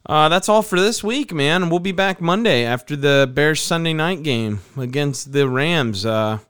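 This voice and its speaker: A man's voice: a little high, measured pace, a bit bright, smooth. A man hosting a casual sports podcast, rambling loosely with frequent restarts. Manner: rambling, restarts and laughs easily. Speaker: podcast host.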